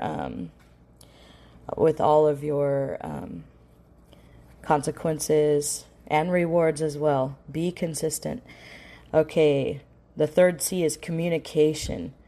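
Low warm-ish lady lecturing on parenting, direct, restarts a lot. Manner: earnest, direct advice with frequent restarts. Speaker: parenting educator. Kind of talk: instructional talk.

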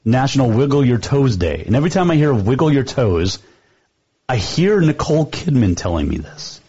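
A man's voice: mid-range voice, big pitch swings, moderate pace, warm tone, husky, dull audio. A man hosting a sports radio show, talking casually in a rambling way and reading out trivia. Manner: chatty, rambling, fond of trivia.

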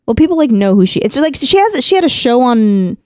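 A woman's voice: on the high side, big pitch swings, fairly quick, dark tone, no room sound, studio quality. Chatty woman telling a casual story. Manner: chatty storyteller, heavy use of "like", frequent restarts. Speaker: podcast co-host. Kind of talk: casual chat.

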